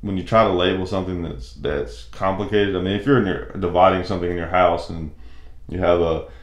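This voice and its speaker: A man with a low voice talks through a loose, opinionated monologue, circling back with plenty of asides. His voice rings off the walls of an echoey room. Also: level tone, fairly quick. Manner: rambling, opinionated storytelling. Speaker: radio show host. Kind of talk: casual monologue.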